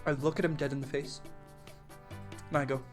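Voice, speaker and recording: A man's voice: a little high, a little fast, faint music behind. Slangy young man telling a story. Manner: profane, animated, slangy, full of 'like'. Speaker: storytime YouTuber. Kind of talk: casual storytime narration.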